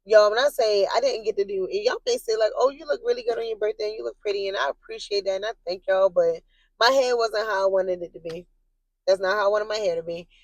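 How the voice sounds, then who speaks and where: Young woman vlogger, mid pitch, animated and profane storytime rant to viewers, flares into shrill yelling; dry, close recording. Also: fast, no echo. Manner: rises into shrill yelling when reliving anger.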